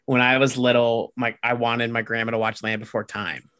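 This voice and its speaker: A young man telling stories in a casual podcast chat, animated and full of fillers. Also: medium pitch, moderate pace, no echo. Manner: animated storyteller, lots of "like". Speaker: podcast guest.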